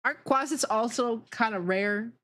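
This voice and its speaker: A woman's voice: fairly high pitch, moderate pace, fairly bright tone. A young adult woman streamer chatting casually, giggling a lot and swearing as she reacts to chat.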